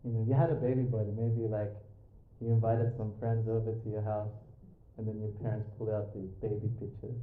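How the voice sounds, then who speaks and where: Brisk and flat in delivery, this Australian spiritual speaker has a voice on the low side. He lectures a yoga studio crowd in a joking, conversational way, trading banter and filling gaps with ums, while the room echoes and the sound is tinny and phone-like.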